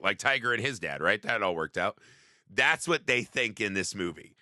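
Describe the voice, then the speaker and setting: A man co-hosting a movie podcast, telling the plot in a profane, animated way and acting out the characters' lines. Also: on the low side, moderate pace, dry recording, studio quality. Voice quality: profane, animated storytelling with acted-out quotes. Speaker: podcast co-host. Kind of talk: casual movie-review chat.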